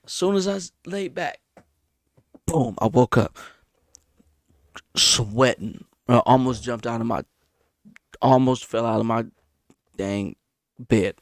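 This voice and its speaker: A man casually telling a story about a dream, animated and repetitive, punctuating it with sound effects. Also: slow pace, pauses often, no echo. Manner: animated, repeats himself, sound effects like boom. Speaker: vlogger.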